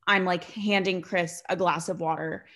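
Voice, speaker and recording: Young female podcast host, lowish voice, chatty and animated, heavy on fillers. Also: normal speed. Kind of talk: casual chat.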